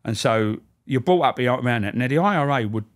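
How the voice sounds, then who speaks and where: Man, ex-prison officer, blunt, sweary, rambling, mid-pitched voice. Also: expressive, brisk. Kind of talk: casual storytelling interview.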